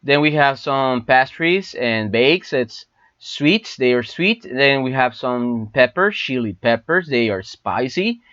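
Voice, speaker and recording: Spanish-speaking man teaching English slowly. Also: medium pitch, lively intonation, a bit bright, no echo, highs cut off. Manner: explains and repeats phrases slowly, asking "no?". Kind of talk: online English lesson.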